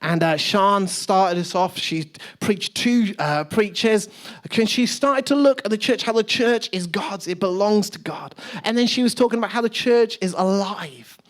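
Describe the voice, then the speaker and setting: Chatty pastor telling jokes. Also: male voice, sits high, moderate pace. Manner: chatty, self-deprecating storytelling. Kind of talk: sermon with humorous anecdotes. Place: church service with live audience.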